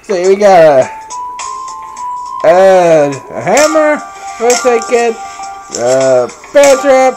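A woman streamer chatting casually as she plays, giggling often and breaking into loud exclamations. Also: medium pitch, big pitch swings, very slow, pauses often, low-quality recording. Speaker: gameplay streamer. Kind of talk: casual game commentary. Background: game music.

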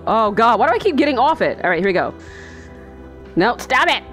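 A woman's voice: on the high side, big pitch swings, fairly quick, a bit bright, soft background music. Goofy woman chatting through a game. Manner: chatty, goofy, talks to herself while playing. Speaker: let's play gamer. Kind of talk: let's play commentary. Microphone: desk microphone.

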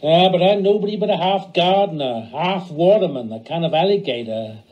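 A man voicing a quick, wisecracking young gardener and waterman in a stage play. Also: fairly high pitch, lively intonation, highs cut off, lightly acted. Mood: joking.

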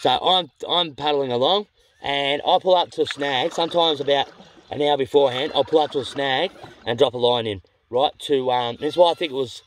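A man's voice: medium pitch, slight background noise. An Australian man casually telling a travel story to camera. He rambles and corrects himself as he goes, and he is blunt and sweary. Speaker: vlogger.

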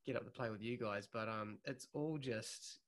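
A man's voice: on the low side, normal speed. A man hosting a casual comedic chat, talking in a rambling way with plenty of fillers. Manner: rambling, full of fillers and laughter. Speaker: comedian and show host.

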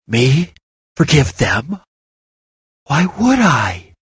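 A man voicing a hurt young woman who grew up a slave, talking low and guarded. His voice is husky and breathy, and the reading sits dry and close to the mic. It is a storybook voice for a heroine who keeps her pain held in. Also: moderate pace, dry recording, natural voice. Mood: bitter. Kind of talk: audiobook character reading.

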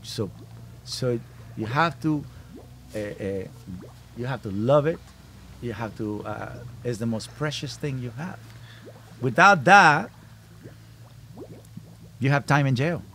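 A man's voice: medium pitch, lively intonation, slow pace, pauses often, fairly bright tone, slight background noise. Emphatic man talking as a podcast host. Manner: emphatic, repeats phrases while building a point. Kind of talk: casual family podcast chat.

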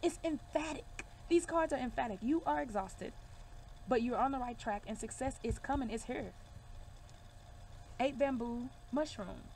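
A woman's voice: high-pitched, moderate pace, a little mellow, a little hiss or hum. A woman giving a casual card reading to camera, emphatic and reassuring, calling her viewers y'all and baby. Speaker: divination reader.

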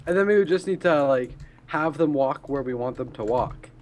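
A man's voice: mid-range voice, animated, moderate pace, a little mellow. A young man playing a multiplayer game with friends, giggly and teasing. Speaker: co-player. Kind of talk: casual gaming chat.

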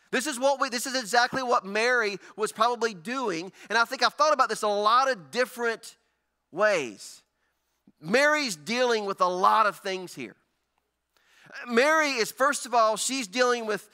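A pastor preaches in a strikingly high, bright voice. He tells the story animatedly, slipping into the people he describes. His delivery is a lively, conversational sermon. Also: moderate pace. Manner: animated storytelling, acting out characters.

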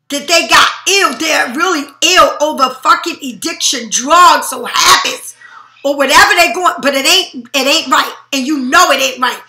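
A woman's voice: high voice, bright, forceful tone, echoey room. A woman reading tarot cards in a blunt, profane, emphatic way. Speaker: tarot reader.

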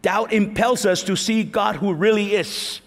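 A man pastor preaching a sermon to a congregation in a large church, animated, acting out prayers and teasing the listeners. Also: high-pitched, measured pace. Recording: long reverb of a large hall.

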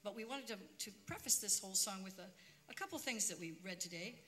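A woman, a folk singer, introducing a song in brisk, chatty stage patter on a concert stage for a live radio broadcast. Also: mid-range voice, animated, bright, forceful tone. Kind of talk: stage patter between songs.

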